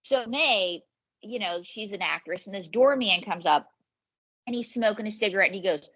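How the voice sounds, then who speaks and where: A woman's voice: mid-range voice, normal speed, fairly bright tone, dull audio. A woman comedian and ventriloquist telling rambling, jokey anecdotes as a guest on a podcast. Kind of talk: comic storytelling in a podcast interview.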